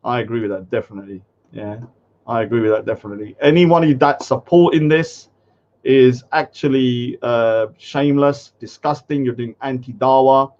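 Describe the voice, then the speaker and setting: A man's voice: medium pitch, fairly even intonation, normal speed, dull audio. A man hosting a commentary show, reacting bluntly and indignantly to online comments. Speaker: commentary host.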